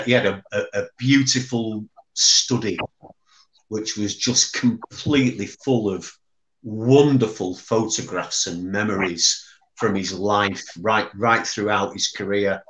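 A man's voice: on the low side, unhurried, fairly bright tone, echoey room, muffled recording. A man who chairs a memorial foundation, telling fond anecdotes and often repeating words as he recalls them. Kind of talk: reminiscing anecdote.

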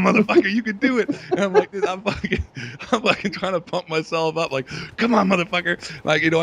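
A man's voice: on the high side, creaky, fairly bright tone. A young man telling a crude story in casual chat, profane and rambling, laughing often. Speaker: podcast host.

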